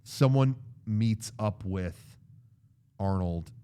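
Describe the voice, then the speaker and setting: A man in his thirties co-hosting a casual movie chat, recapping the plot and acting out scenes with sudden shouted lines. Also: on the low side, drawn-out words, clear, resonant tone. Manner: animated storyteller, acts out scenes with sudden shouted quotes. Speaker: co-host of a movie discussion show.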